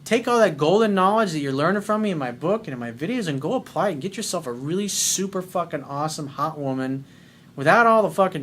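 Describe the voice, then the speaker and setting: A man's voice: sits high, a bit bright. A man coaching on dating in a casual monologue, blunt and emphatic, swearing freely as he reads and answers a viewer's message.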